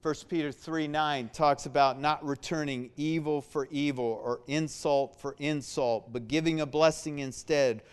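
A man's voice: on the high side, fairly even intonation, unhurried, few pauses, smooth. A man preaching a sermon to his church, repeating words for emphasis and building in force. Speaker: pastor.

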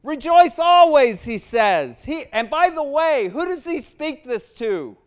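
A man's voice: very high voice, sing-song, a little slow. A man preaching a sermon to his church, repeating words for emphasis and building in force. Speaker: pastor.

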